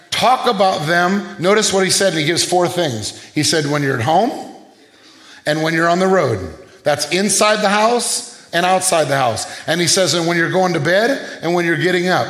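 A man's voice: sits high, fairly bright tone, roomy sound. A male pastor preaching a sermon, asking rhetorical questions and calling on the congregation to repeat lines after him.

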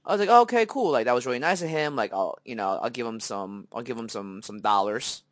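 A young man tells a story on a podcast with casual energy, putting on the voices of the people in it and filling the gaps with lots of "like" and "you know." His voice sits at a middle pitch and is recorded close and dry. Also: quick pace, no echo. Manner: animated storyteller, acts out quoted dialogue, many fillers. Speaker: podcast co-host.

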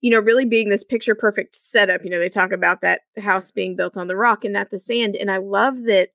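Gravelly-voiced woman podcast host. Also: medium pitch, steady tone, brisk, fairly bright tone, no room sound, clean studio sound. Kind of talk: casual interview chat.

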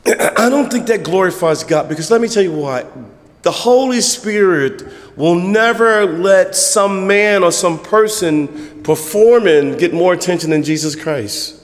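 A man preaching a conversational sermon as pastor, acting out church members in quick voices. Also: high voice, big-room sound.

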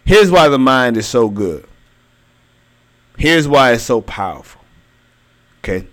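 A young adult man preaching a sermon, emphatic and repetitive, drawing key phrases out slowly. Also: mid-range voice, very animated, fairly bright tone.

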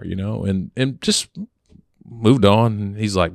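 Low-voiced man telling a story. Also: moderate pace, no echo, clean studio sound. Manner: relaxed, anecdotal, acts out quotes. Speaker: podcast co-host. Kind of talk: casual storytelling.

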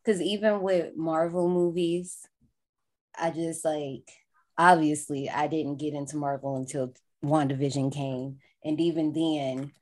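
A woman's voice: low voice, steady tone, a little slow, darkish tone. A woman co-hosting a casual podcast, making wry jokes and swearing casually. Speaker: podcast co-host. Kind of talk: casual chat.

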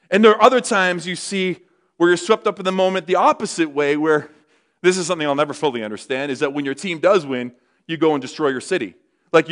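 A middle-aged man preaching a sermon as pastor, telling stories in an animated way. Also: high voice. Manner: animated storytelling, rises excitedly.

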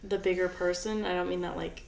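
A woman's voice: on the low side, little pitch movement, a little fast, creaky, crowd noise. Hesitant young woman, echoey room. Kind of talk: casual chat. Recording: echoey room, faint noise.

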